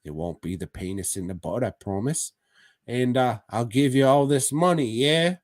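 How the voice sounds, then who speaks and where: A man's voice: medium pitch, moderate pace, no echo, clean studio sound, close to an everyday voice. A man putting on a jokey cockney voice for a scheming mad doctor while retelling a horror episode. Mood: wheedling. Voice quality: mock cockney accent, chummy and pushy.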